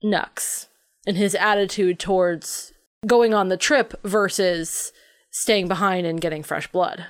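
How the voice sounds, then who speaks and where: A woman's voice: mid-range voice, slow, clear, resonant tone. Chatty woman discussing a movie. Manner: chatty, adds plot details. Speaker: podcast co-host.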